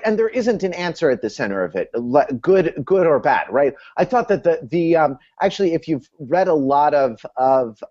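A man's voice: on the high side, darkish tone, dull audio. A man hosting a casual analytical discussion over a video call, talking in an academic way with many restarts.

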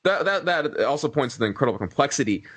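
Fast-talking man explaining a plot. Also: medium pitch, big pitch swings, fairly bright tone, slightly rough. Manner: fast, restarts often, explains at length. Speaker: podcast guest reviewing a film. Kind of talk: casual discussion.

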